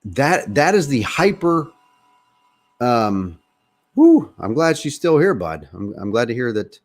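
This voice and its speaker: A man's voice: medium pitch, sing-song, slow. A man hosting a podcast, with a slight Southern US accent, giving earnest, opinionated political talk and speaking straight to his listeners. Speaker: podcast host.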